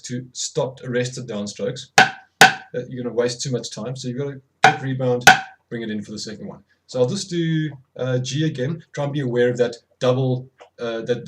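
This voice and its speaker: A man's voice: mid-range voice, background noise. A man teaching drumming, counting rhythms aloud and correcting himself as he goes, with many fillers. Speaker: drum tutor. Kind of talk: instructional demonstration.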